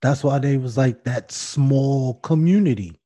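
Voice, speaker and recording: A man's voice: medium pitch, unhurried, warm tone. A man co-hosting a casual chat, laid-back, making dry quips and agreeing asides. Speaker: podcast co-host.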